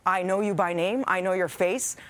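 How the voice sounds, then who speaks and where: A woman's voice: fairly low pitch, moderate pace. A woman co-host of a morning TV show, giving a heartfelt on-air farewell to her viewers. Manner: heartfelt, warm, fighting back tears. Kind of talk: emotional on-air farewell speech. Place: TV studio.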